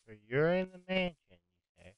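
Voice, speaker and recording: A man's voice: high voice, lively intonation, a little fast, smooth, no room sound, muffled recording. A man playing a game with a friend, swearing freely and hesitating a lot as he tries to find him. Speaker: co-player. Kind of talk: casual gaming chat.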